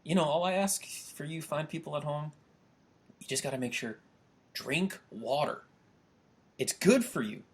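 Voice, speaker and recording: A young man hosts a laid-back podcast with a husky, slightly breathy voice. He reads out his own jokes and keeps chuckling through them. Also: fairly high pitch, unhurried, pauses often. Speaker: podcast host. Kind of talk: casual podcast chat.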